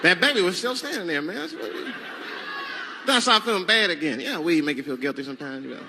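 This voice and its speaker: A man doing stand-up, his voice sitting high and swooping wildly as he tells profane stories. He drops to near-mutters, then bursts out loud. The live stage recording carries a clear wash of noise. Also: quick pace, a crowd in the background. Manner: profane, animated, leaps between muttering and shouting. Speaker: stand-up comedian. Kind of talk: stand-up storytelling.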